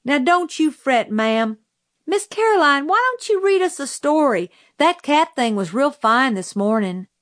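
A woman voicing an eager, earnest little schoolgirl with a bright, coaxing country drawl. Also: sits high, very animated, unhurried, voice pushed up, heavily acted.

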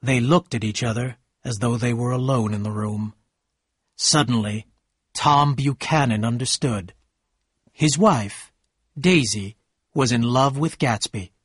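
Male narrator, steady storybook reading, slightly husky, dry close sound. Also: mid-range voice, unhurried, no room sound.

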